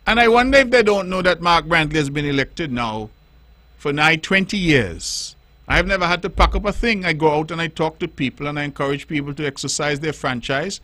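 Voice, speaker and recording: Middle-aged man, high bright voice, dry studio sound, firm speaker who explains and repeats for stress. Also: no room sound. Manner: emphatic, deliberate, explains point by point and repeats for stress. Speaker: politician hosting a radio call-in show. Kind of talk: radio talk monologue. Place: radio studio.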